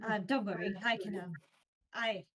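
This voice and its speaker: A woman voicing a shy, nervous man, a homebody who talks haltingly. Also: medium pitch, fairly even intonation, a bit bright, husky. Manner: hesitant, halting.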